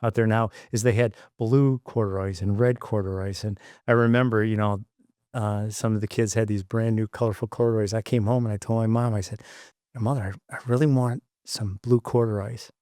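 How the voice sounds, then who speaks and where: A man in his sixties, a podcast guest telling stories of his upbringing. He rambles through his memories with frequent asides and restarts, in a somewhat low voice. The recording is close and dry. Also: flat delivery, fairly quick, darkish tone, smooth, no room sound. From Michigan, United States. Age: 60s. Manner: rambling, many fillers and restarts. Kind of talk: reflective storytelling.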